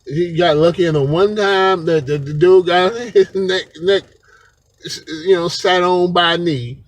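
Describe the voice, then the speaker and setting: A man's voice: sits high, fairly even intonation, unhurried, dry recording. A man talking straight to camera in an unscripted monologue, rambling and slangy and often breaking into laughter. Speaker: vlogger.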